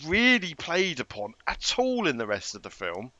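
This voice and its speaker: A man co-hosting a podcast, chatting wryly about a film in a halting way. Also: fairly high pitch, wildly swooping pitch, pushed and bright, no echo, highs cut off. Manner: wry, halting, with many restarts. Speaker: podcast co-host. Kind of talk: casual film discussion.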